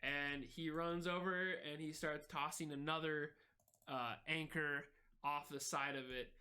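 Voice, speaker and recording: A man serving as game master for a tabletop game, with a bright, slightly high voice. He narrates loosely and casually, rambling through fillers and restarts as he goes. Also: fairly even intonation, measured pace, clear, resonant tone.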